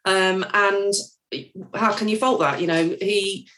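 A woman's voice: mid-range voice, steady tone, takes it slowly, fairly bright tone. A woman talking football in a hesitant way, with many ums and restarts. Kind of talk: casual chat.

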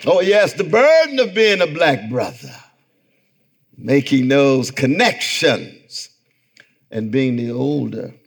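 Calling out to the crowd in an event hall, a middle-aged man delivers a public lecture as a guest speaker, his sermon-like rhythm swelling almost to a shout. His mid-range voice is creaky and husky, very animated yet slow.

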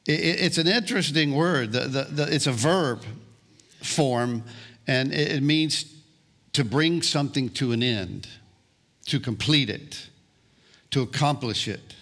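A man preaching a sermon as pastor, deliberate and prone to repeating words as he restarts phrases. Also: medium pitch, a bit bright.

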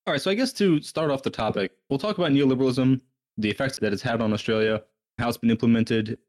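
A man hosting a podcast, talking in a brisk, chatty way. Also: medium pitch, a little mellow. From United States. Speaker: podcast host. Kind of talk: casual podcast talk.

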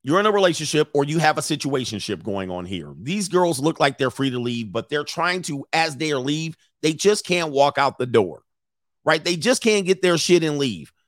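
A man hosting a live commentary, reading messages aloud and reacting to an audience in the room with blunt, profane, animated asides. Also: fairly high pitch, moderate pace, no echo, clean studio sound. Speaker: commentary host.

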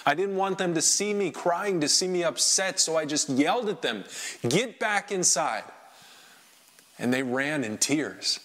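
A man's voice: fairly high pitch, lively intonation, normal speed, hardly any pauses. Man, storyteller, dramatic first-person monologue, emotional, intense delivery. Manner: emotional, intense, swings between hushed and loud.

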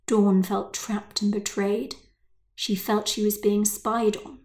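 A woman narrating a children's story in an expressive, measured way. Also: medium pitch. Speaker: audiobook narrator.

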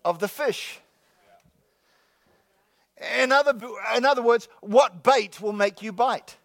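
A man preaching a sermon to his congregation, joking with the crowd and slowly repeating his key lines. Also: very high-pitched, expressive, dry recording. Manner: jokey, repeats key lines slowly, calls out "come on, somebody". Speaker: pastor. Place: church sanctuary with congregation.

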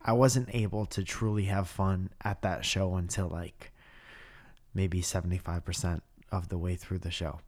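A man with a very deep voice hosting a casual podcast. He talks in a relaxed way, wry and easygoing. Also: normal speed. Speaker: podcast host and comedian.

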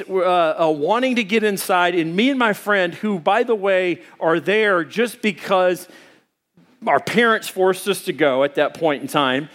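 High-voiced animated male pastor. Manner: animated, conversational storytelling with restarts. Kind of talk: sermon with personal storytelling.

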